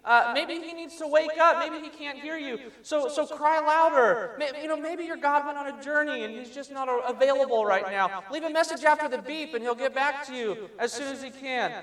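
A man preaching voices a brash male prophet who taunts his rivals loudly, stretching his words for emphasis. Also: very high-pitched, pitched above the performer's own voice. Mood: mocking. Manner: loud, taunting, drawn-out emphasis. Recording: roomy, mic at a distance.

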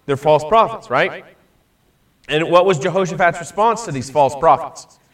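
A man's voice: on the high side, normal speed, a bit bright, recorded from a distance. A man teaching a Bible study class in a casual, conversational way, often checking in with "right?" and asking his students questions.

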